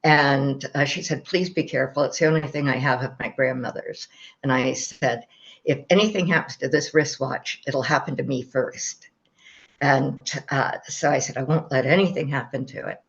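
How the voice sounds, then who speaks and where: An older woman tells her story in a loose, meandering way, full of fillers and dry humor. Her voice has a gravelly fry to it. The recording sounds a little dull and muffled. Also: extremely low pitch, normal speed. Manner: rambling, with many fillers and wry humor. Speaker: guest telling her near-death experience. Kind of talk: casual spoken storytelling.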